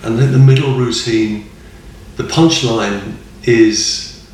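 A man's voice: mid-range voice, steady tone, slow pace, darkish tone, recorded from a distance, slight background noise. A man chatting casually as a podcast guest, rambling and enthusiastic and chuckling often. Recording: echoey room, off mic.

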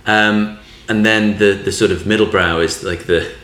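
A man's voice: lowish voice, fairly even intonation, normal speed, a bit bright, echoey room. A man hosting a podcast, chatting casually and hesitantly, searching for words. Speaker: podcast host.

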